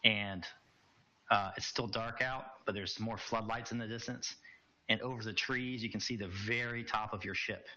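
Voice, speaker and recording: Bright-toned man narrating a tabletop game. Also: on the low side, fairly even intonation, normal speed. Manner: casual, loose, with many fillers. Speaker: game master. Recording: muffled lo-fi recording.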